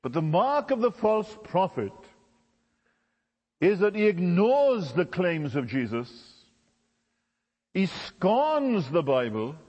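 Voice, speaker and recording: British-born preacher guy, sermon, big pitch swings, echoey hall. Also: a little mellow, lo-fi sound. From Britain. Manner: emphatic, with sweeping pitch swings.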